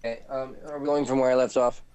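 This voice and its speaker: A man's voice: medium pitch, fairly even intonation, quick pace, a little mellow, clear, resonant tone. A man playing a tabletop game, asking unsure, hedging questions. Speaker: player. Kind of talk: casual tabletop game play.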